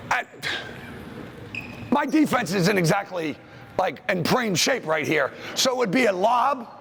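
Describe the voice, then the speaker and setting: A man coaching basketball players through plays in a school gym, calling out brisk commands. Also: high-pitched, big pitch swings, gravelly, fairly bright tone, a little hiss or hum. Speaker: basketball coach leading a clinic. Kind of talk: on-court coaching drill instruction.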